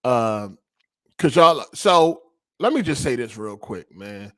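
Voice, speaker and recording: A man's voice: medium pitch, very animated, slow. A young man hosting a gaming podcast, ranting casually in heavy slang and profanity. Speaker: podcast host.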